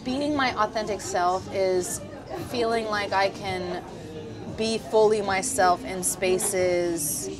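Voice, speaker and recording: A woman's voice: medium pitch, slow, a crowd in the background. A woman in her thirties from Boston, a screenwriter talking casually as an interview guest, rambling with lots of fillers. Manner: rambling, lots of "like" and "um", laughs easily.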